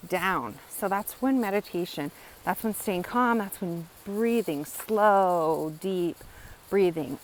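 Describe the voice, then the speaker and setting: A woman's voice: lowish voice, a little hiss or hum, low-quality recording. Earnest woman teaching with repeated "right?". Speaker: wellness educator. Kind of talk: casual teaching monologue.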